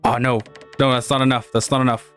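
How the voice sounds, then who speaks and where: Excitable, foul-mouthed male gamer. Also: mid-range voice, fast talker, clean tone, soft background music. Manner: excitable, swears freely, yells and cheers. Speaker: gaming channel host. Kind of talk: casual let's-play commentary.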